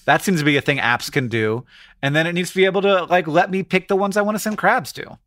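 A man with a somewhat high voice co-hosts a casual podcast. He talks through ideas in a rambling, excitable way, full of "like" and restarts, and he is recorded on a podcast mic. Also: fast, no echo, studio quality. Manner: rambling, excitable explainer with many fillers. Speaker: podcast co-host. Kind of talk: casual chat.

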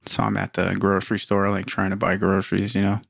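A man's voice: deep voice, completely flat delivery, a little fast, gravelly, no echo, studio quality. A man co-hosting a podcast in casual chat, telling annoyed stories with swearing and frequent laughs. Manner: laughing, profane storytelling. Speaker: podcast co-host.

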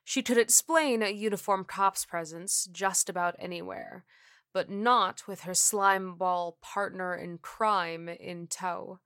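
Woman narrating a creepy story, slow and careful, kinda low, very dry close mic. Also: a bit bright, clean tone, no echo. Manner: measured, deliberate reading. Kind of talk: scripted horror story narration.

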